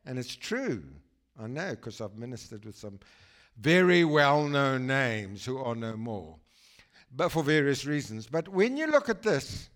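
A man from South Africa giving an enthusiastic, chatty guest talk in church while showing slides. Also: mid-range voice. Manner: enthusiastic, exclaiming, chatty asides. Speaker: guest speaker.

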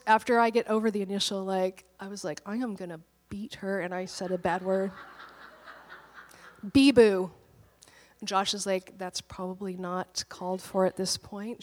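A woman pastor in her thirties, slightly hoarse from a cold, telling a personal story in an animated, candid sermon. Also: medium pitch, in a large hall.

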